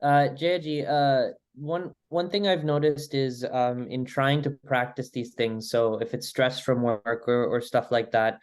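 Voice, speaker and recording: A man's voice: mid-range voice, fairly even intonation, measured pace, few pauses, clean tone. A man in a class asking a question hesitantly, with many fillers. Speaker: class participant.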